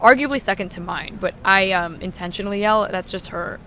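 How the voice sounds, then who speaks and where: A young woman from Long Island speaks with a light Long Island accent in a chatty, self-deprecating way. Her pitch sits in the middle of the usual range for women. Faint background noise is audible under her voice. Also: a little fast, sharp tone. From Long Island, New York. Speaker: podcast guest. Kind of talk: casual interview chat.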